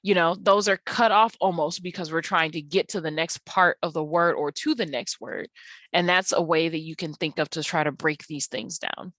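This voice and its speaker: A woman's voice: low voice, moderate pace, fairly bright tone, no echo. A woman teacher talking through lecture slides, explaining patiently with frequent ums and uhs. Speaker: English teacher.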